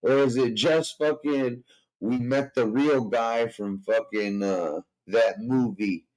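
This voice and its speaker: A hoarse man chatting casually and profanely to his live-stream viewers, rambling from topic to topic. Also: medium pitch, fairly even intonation, slow pace, a little mellow, poor audio. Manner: profane, rambling and laid-back. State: hoarse, strained voice. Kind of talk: casual livestream chat.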